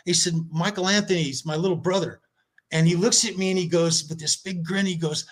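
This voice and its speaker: A man telling a long anecdote as a podcast guest, animated and acting out quoted dialogue, over a video call. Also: on the high side, brisk. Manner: animated storyteller, acts out quoted voices. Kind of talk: casual storytelling chat.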